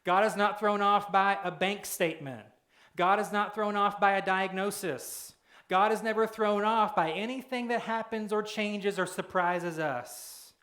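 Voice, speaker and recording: A man's voice: sits high, fairly even intonation, a little slow, bright, forceful tone, echoey room. A man preaching a sermon in a casual, conversational way, with joking asides and quoted voices that he acts out. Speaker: pastor.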